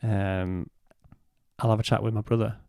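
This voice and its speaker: A man, a podcast guest, telling a personal story in a halting way and retelling what was said in his own words. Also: lowish voice, flat delivery, creaky, darkish tone, no room sound, clean studio sound.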